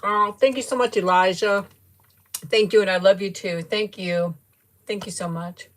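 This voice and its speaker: At normal speed and with fairly even intonation, a mid-range-voiced middle-aged woman hosts a casual livestream. She tastes a sweet while giggling often and gushing thanks to viewers by name.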